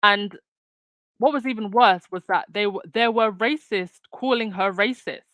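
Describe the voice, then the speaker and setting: A woman's voice: mid-range voice, normal speed, fairly bright tone, no echo. A woman hosting her own commentary channel, talking casually with lots of fillers and restarts. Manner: chatty, many fillers and restarts. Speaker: channel host.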